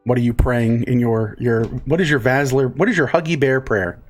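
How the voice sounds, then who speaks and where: Game master, man, mid pitch, halting narration with lots of ums. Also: soft background music. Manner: hesitant, many fillers.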